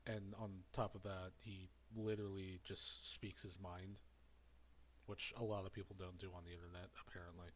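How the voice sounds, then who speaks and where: A man with a fairly low voice runs a loose commentary rant. He rambles and circles back over the same words. He sounds a little breathless, having just had a drink. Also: level tone, moderate pace, pauses often, fairly bright tone. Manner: rambling and repetitive. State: slightly out of breath after drinking. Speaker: commentary streamer. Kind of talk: casual ranting commentary.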